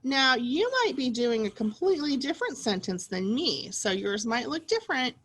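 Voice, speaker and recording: A woman teacher leading a slow, clearly spoken early reading lesson for young children, with exaggerated excited reading of practice sentences. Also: on the high side.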